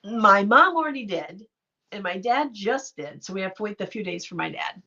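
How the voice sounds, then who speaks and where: Middle-aged woman, livestream host, unhurried and gravelly, chatty and affectionate, dull home-stream sound. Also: mid-range voice, lively intonation, pushed and bright. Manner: chatty, affectionate, reacts to viewer comments. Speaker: livestream host reading chat. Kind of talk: casual livestream chat.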